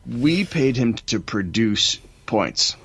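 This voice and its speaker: A man's voice: medium pitch, sing-song, takes it slowly, creaky, fairly bright tone, husky. A man co-hosting a casual sports podcast, ranting bluntly and dismissively. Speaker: podcast co-host. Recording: dull, dry lo-fi sound.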